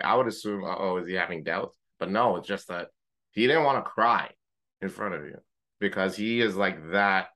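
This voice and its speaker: A man co-hosting a podcast, telling a story in casual chat, animated, swearing freely and mimicking friends in high joking voices. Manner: swears casually, uses gamer slang. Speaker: podcast co-host.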